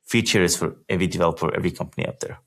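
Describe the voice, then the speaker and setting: A man's voice: sits low, racing. A man, a guest on a technology interview podcast, talking through engineering work in loose, casual sentences full of "like" and restarts. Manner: explains in loose run-on sentences with frequent "like".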